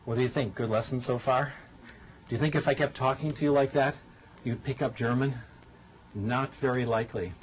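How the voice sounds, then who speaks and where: A man's voice: medium pitch, fairly even intonation, fairly quick, low-quality recording. An older man lecturing to a studio audience in a dry, humorous way, teaching by demonstration.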